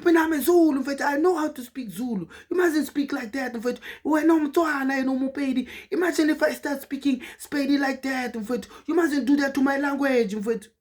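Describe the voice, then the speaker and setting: A man putting on an indignant, proud Zulu man, scolding loudly in a high, insistent voice. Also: brisk, hardly any pauses. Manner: loud, high-pitched and insistent.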